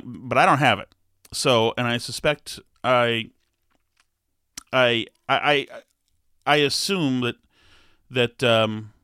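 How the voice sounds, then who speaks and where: A man's voice: medium pitch, bright, forceful tone, clear, resonant tone, no room sound, studio quality. A man talking casually on his own, hesitant with many restarts, laughing as he reads comments aloud. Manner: halting, many restarts, laughs while reading. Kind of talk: casual solo talk, reading comments aloud.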